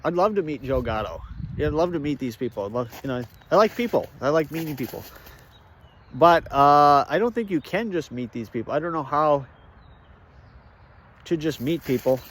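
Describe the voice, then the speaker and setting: A man's voice: on the high side, animated, normal speed, a bit bright, slight background noise. A man talking to the camera while walking an outdoor trail, rambling and joking in a casual walk-and-talk monologue, chuckling to himself, on a handheld phone. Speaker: vlogger. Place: outdoor snowy trail in rural Minnesota.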